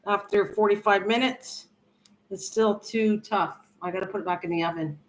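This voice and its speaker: A woman's voice: medium pitch, steady tone, normal speed, noisy background. An older woman hosting a casual cooking livestream from her home kitchen, chatting and answering viewer comments in a rambling, friendly way. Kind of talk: casual live-stream chat, reading comments aloud.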